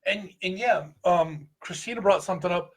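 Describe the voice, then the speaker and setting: A man's voice: sits high, normal speed, background noise. A man with a Midwestern American accent, co-hosting a casual chat on paranormal investigation and giving folksy, joking advice. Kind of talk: casual group chat on a show.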